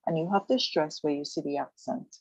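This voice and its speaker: A woman teaching Spanish over the radio explains things patiently and says words again at a slow pace. Her low, mellow voice comes through close, muffled and dry, with no echo.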